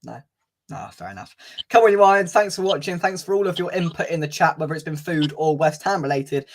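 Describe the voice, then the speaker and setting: A man's voice: on the high side, brisk. A man hosting a casual fan live stream, chatting, reading out viewer comments and laughing easily. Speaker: fan channel host.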